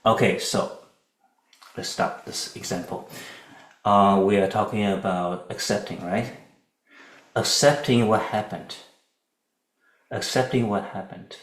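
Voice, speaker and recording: A man giving a Buddhist dharma lecture in a calm, conversational way, often checking in with his listeners. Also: lowish voice, slow pace, pauses often, roomy sound, rough recording. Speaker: Buddhist teacher.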